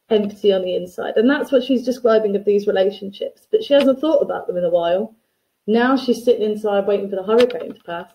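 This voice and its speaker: A woman's voice: mid-range voice, dark tone, poor audio. A woman teacher giving a recorded lesson that analyses a poem for students, reading quotations aloud and unpacking them in a conversational, explanatory way.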